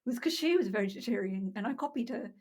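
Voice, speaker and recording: A woman's voice: medium pitch, expressive, brisk, darkish tone. Chatty woman co-host, searching for words. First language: Punjabi. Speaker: podcast co-host. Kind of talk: casual chat.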